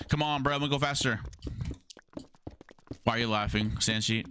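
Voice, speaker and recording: A man's voice: medium pitch, normal speed, bright, forceful tone, a little hiss or hum. A young man livestreaming a game, chatting casually with his viewers in slang and humming to himself. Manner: slangy, talks to chat, hums to himself.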